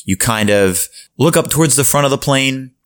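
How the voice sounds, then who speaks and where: A man's voice: mid-range voice, expressive, moderate pace, fairly bright tone. A young man narrating a comedic tabletop game as game master, rambling with many fillers.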